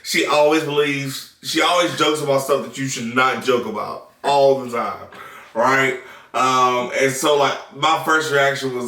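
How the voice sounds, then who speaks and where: A Southern US man, a vlogger and new father, tells a story in a casual vlog chat, laughing and swearing freely. His voice is medium-pitched and sharp, and he talks a little slowly. The room is echoey and the mic sits at a distance.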